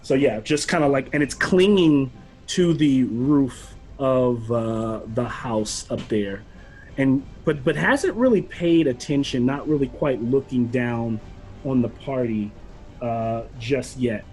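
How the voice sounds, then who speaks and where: A man's voice: medium pitch, slow pace, darkish tone, soft background music. A man narrating a tabletop game as game master, rambling along with lots of fillers.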